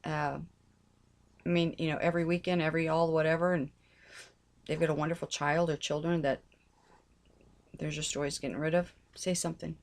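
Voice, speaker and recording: A woman's voice: sits low, little pitch movement, brisk, long pauses. A middle-aged woman giving a heartfelt, earnest talk on faith, often repeating herself as she pleads with listeners. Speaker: religious vlogger.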